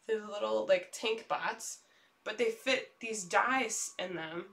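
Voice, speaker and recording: A young woman streaming herself unpacking board games in casual chat, excitable and prone to trailing off mid-sentence. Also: medium pitch, slow, vocal fry, far from the mic.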